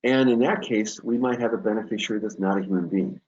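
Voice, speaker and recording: A man's voice: fairly low pitch, quick pace, a little mellow. A man giving a continuing-education lecture on estate planning, explaining step by step and telling jokes to make his points. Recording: dull lo-fi recording.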